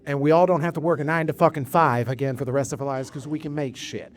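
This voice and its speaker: Energetic man hosting a bar comedy show. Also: fairly high pitch, fast talker. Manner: energetic, profane, rambling. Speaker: host and producer of the show. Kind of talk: live show hosting, casual banter. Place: bar venue during a live show.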